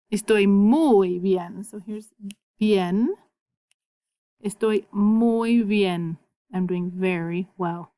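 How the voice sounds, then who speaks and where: A woman teaching a recorded video lesson as a Spanish teacher, patiently repeating words slowly so learners can copy the pronunciation. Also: medium pitch, dry recording.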